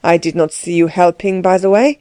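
A woman voicing a gruff, overbearing middle-aged man who questions people curtly and pushily in a storybook reading. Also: fairly low pitch, steady tone, brisk, mellow, dry recording, close to an everyday voice. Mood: menacing. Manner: curt, pushy questioning.

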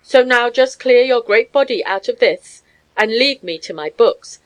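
A woman voicing a gruff, hot-tempered Scottish scholar who speaks curtly and sternly in a storybook reading. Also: fairly high pitch, animated, moderate pace, close to an everyday voice. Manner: stern, curt.

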